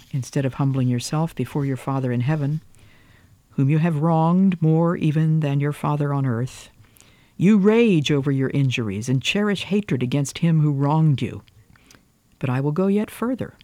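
Earnest man with a mellow, slightly high voice. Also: no room sound. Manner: earnest, preaching, dramatic delivery. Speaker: audiobook narrator. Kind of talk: scripted narration of a novel.

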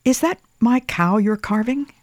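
A reader voicing a quiet, earnest seven-year-old boy who whispers politely in a storybook. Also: mid-range voice, measured pace, no echo, voice pushed up, lightly acted. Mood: hushed polite. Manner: soft, hushed pleading whisper.

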